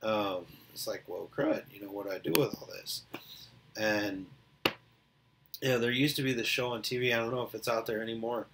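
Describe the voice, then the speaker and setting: A man's voice: medium pitch, moderate pace, background noise. Rambling middle-aged man chatting casually. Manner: rambling storyteller with many fillers and restarts. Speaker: vlogger. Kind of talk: casual solo chat.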